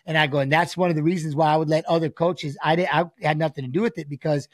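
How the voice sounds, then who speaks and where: A man's voice: fairly high pitch, steady tone, fast, dry recording, clean studio sound. A middle-aged man, a guest and volunteer coach, telling stories in casual chat and acting out quotes. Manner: storytelling, acts out quotes of his son and himself. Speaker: guest, former fighter; volunteer high school coach.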